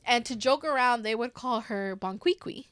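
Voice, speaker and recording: Woman, thirties, slightly high voice, casual storytelling, heavy swearing, acts out quotes. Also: moderate pace, a bit bright, clear, resonant tone. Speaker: podcast host.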